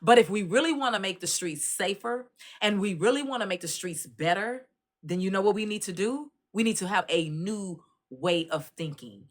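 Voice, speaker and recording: A middle-aged woman from Dallas with a Texan accent, giving a casual commentary and telling animated stories straight to her listeners. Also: mid-range voice, normal speed. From Dallas, Texas. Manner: animated storytelling, addresses listeners directly. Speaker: commentary host.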